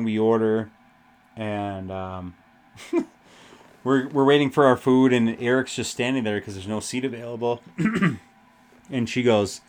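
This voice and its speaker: A young man hosting a podcast, rambling through a festival story with constant swearing and animated retelling. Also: medium pitch. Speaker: podcast host. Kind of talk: casual storytelling.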